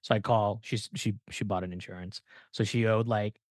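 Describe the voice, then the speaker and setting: A man hosting a podcast, telling stories in a casual, animated way and acting out the people he quotes. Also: on the low side, normal speed, dry recording, studio quality. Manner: animated storyteller, acts out quoted dialogue. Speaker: podcast host.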